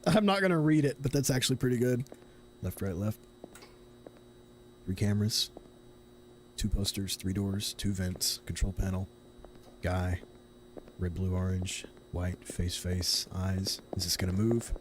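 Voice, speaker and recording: Man from Tennessee, streamer, lowish voice, rambling, faint background hiss. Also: little pitch movement, measured pace, long pauses. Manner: rambling, self-correcting, thinks aloud. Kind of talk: casual live gameplay commentary.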